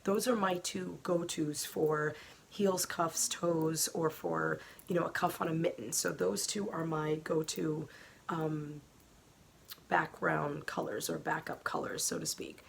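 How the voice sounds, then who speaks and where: A middle-aged woman hosting a knitting podcast, chatting casually and gushing over her yarns with fillers and soft asides. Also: low-pitched, slow, vocal fry. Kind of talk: casual show-and-tell chat.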